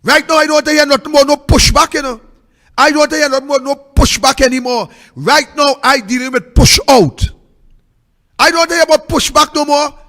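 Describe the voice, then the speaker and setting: Fiery high-voiced Trinidadian man ranting. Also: a little fast, fairly bright tone, big-room sound. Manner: fiery, ranting, repetitive, at times sing-song. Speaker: political commentary host. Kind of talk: impassioned political monologue.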